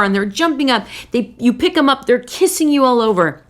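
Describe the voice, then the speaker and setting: A woman hosting a relationship advice show, speaking directly in short punchy phrases and jumping into excited high voices to act out greetings. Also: brisk, few pauses. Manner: lively, bursts into excited high voices when acting out greetings. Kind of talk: direct advice talk to camera.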